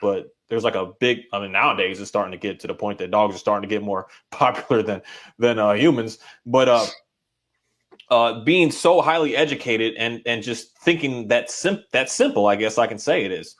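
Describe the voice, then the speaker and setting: A man hosting a casual conversation, speaking haltingly with many restarts as he thinks aloud. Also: on the low side, fairly bright tone. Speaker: podcast host, dog owner.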